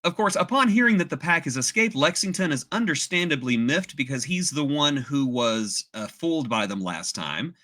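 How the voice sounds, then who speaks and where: A man's voice: a little high, big pitch swings, moderate pace, few pauses, pushed and bright. An American man hosting a podcast, recapping a cartoon in a playful, laughing casual chat. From United States. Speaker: podcast host.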